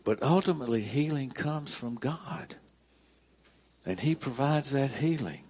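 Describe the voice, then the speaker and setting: A male pastor preaching a sermon at a church service, deliberate and repeating key phrases for emphasis. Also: medium pitch, lively intonation, a little mellow, husky.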